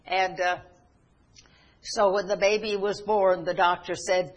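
A woman's voice: mid-range voice, flat delivery, poor audio. Earnest woman preaching a sermon. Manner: earnest, halting with restarts and fillers. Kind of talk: sermon storytelling.

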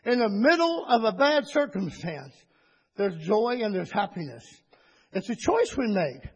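A man preaching a sermon to his church, rising into high, excited bursts and calling for amens. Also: a little slow, breathy edge. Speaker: pastor. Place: church sanctuary. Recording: dull lo-fi church recording with long reverb.

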